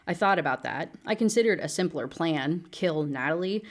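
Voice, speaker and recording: A woman reading the inner voice of a bitter, vengeful young woman from a thriller, quiet and brooding. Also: deep voice, expressive, moderate pace.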